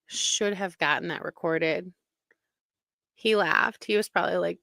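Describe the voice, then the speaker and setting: A woman's voice: on the low side, measured pace, gravelly, pauses often, sharp tone, dry recording. A woman hosting a casual commentary show, talking in an indignant, emphatic way. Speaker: commentary host.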